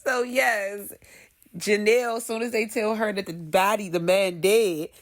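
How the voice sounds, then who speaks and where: A woman chatting through a TV episode recap in a casual commentary. She tells it as a lively storyteller, slipping into the characters' voices and laughing along the way. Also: medium pitch, a little slow. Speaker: TV show commentator.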